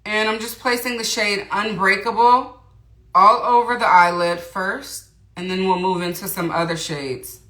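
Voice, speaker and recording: Chatting with her audience on a casual beauty livestream, a woman teaches makeup, calls out viewers by name and reads their comments. She speaks in a steady, measured, bright and forceful mid-range voice, with roomy echo around her.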